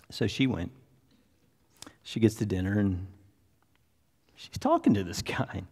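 A man's voice: on the low side, a little slow, pauses often, a little mellow, breathy edge. A man, a pastor, telling a story in a conversational sermon and acting out what people said. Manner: conversational, anecdotal, acts out quotes. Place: large church sanctuary. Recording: reverberant church hall.

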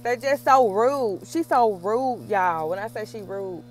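A woman's voice: medium pitch, measured pace, faint music behind, poor audio. A mother vlogging from her car, rambling casually and talking straight to her viewers. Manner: chatty and rambling, keeps addressing viewers. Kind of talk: casual vlog chat. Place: inside her parked car.

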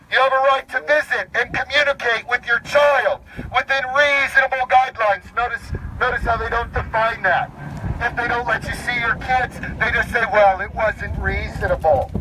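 A man speaking at an outdoor street protest, his voice pitched high and sharp with tension. He reads out official rules and knocks each one down in a blunt, indignant tone. Faint street noise sits behind him. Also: normal speed, poor audio. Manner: indignant, reads rules aloud then rebuts them bluntly. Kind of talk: impassioned protest speech.

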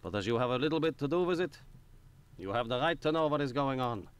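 A man voices a guarded, earnest Jewish man in a Victorian London video game. He speaks at a middle pitch and explains at length, with an earnest, wary tone. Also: animated, fast talker, clean tone, close to an everyday voice.

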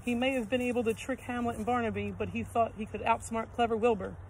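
A woman reading a children's story aloud in a gentle, expressive read-aloud manner. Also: fairly high pitch, fast talker, slight background noise, low-quality recording.

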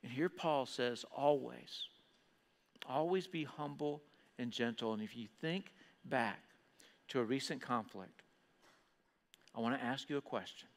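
A man preaching a sermon as pastor to a church congregation, animated and acting out listeners' voices. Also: medium pitch, a little slow, long pauses. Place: church auditorium. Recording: long reverb of a church hall.

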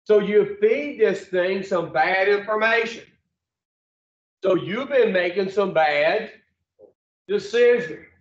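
Brief: high-voiced man, slow delivery, speaks to a group from a distance in an echoey room. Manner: folksy, profane, asks the room questions. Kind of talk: blunt motivational talk to a group. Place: room with a small audience. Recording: roomy, distant, dull mic.

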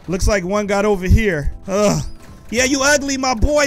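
A young man giving excited let's-play commentary while gaming, often shouting and taunting the monsters. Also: high-pitched, moderate pace, soft background music. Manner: animated, shouts and taunts in-game enemies. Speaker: gaming YouTuber.

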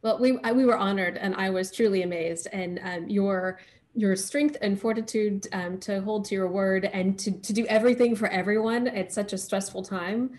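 A woman from Northeast Texas, a wine expert, speaking warmly and articulately with frequent ums on a video call from her bedroom at home. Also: medium pitch, steady tone, moderate pace. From Northeast Texas, USA. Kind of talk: live video interview.

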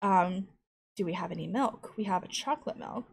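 A woman's voice: mid-range voice, lively intonation, moderate pace, creaky, slight background noise. A woman giving casual gameplay commentary at home into a desk microphone, chatting as she thinks aloud and cooing to her cat. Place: home room at a computer.

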